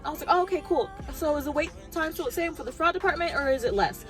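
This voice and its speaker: A woman's voice: sits high, fast talker, few pauses, faint music behind. A woman vlogger telling a story as a casual rant, acting out both sides of her conversations.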